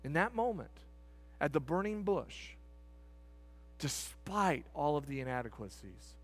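Brief: male preacher, high bright voice, earnest, drawn-out emphasis, faint music behind. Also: very animated. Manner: earnest, stretches words for emphasis, some restarts. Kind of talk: sermon.

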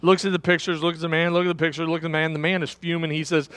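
High-voiced man preaching a sermon. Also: little pitch movement, racing, fairly bright tone, no echo. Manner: conversational, repeats words, asks the congregation questions. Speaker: pastor.

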